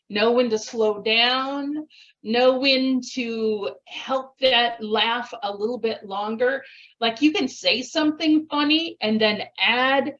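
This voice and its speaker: A woman's voice: fairly high pitch, fairly bright tone, dull audio. A vivacious woman presenting a speech contest workshop, acting out little voices and laughs as she explains. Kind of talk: online workshop talk.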